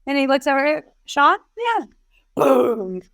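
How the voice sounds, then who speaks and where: A woman co-hosting a podcast, chatting casually about a movie with wry, quick quips. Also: mid-range voice, no echo. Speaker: podcast co-host. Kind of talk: casual movie review chat.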